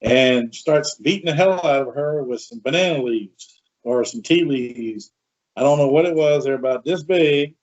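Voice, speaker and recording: A man's voice: mid-range voice, moderate pace. Man telling a story on a lo-fi podcast. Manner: chatty, animated anecdote telling with asides. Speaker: podcast host. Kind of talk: casual storytelling. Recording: dull lo-fi sound.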